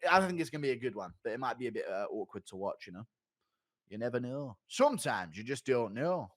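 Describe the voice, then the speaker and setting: A man hosting a livestream, talking casually with viewers in a rambling, profane, increasingly excited way. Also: on the low side, no echo, clean studio sound. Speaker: livestream host reading donations.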